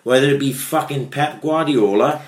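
A man's voice: mid-range voice, normal speed. A man hosting a casual football podcast, blunt and sweary. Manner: blunt, sweary, signs off the show. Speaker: podcast host. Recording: echoey room.

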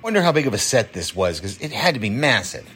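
A man's voice: fairly low pitch, very animated, quick pace, fairly bright tone, slightly rough, soft background music. A man leaving a voicemail with a chatty running commentary on a film, chuckling often as he reacts. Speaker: listener sending a voicemail.

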